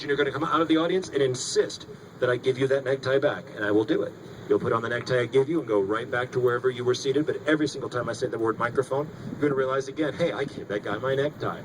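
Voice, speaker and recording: This stage hypnotist speaks very fast in a mid-range voice, issuing commanding, theatrical suggestions and poking fun at volunteers. The show takes place on a school auditorium stage, captured in a noisy recording with a live audience.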